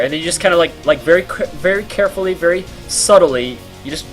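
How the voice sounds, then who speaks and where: A man's voice: fairly high pitch, quick pace, soft background music. A man streaming a game while telling a rambling story, full of fillers and laughs.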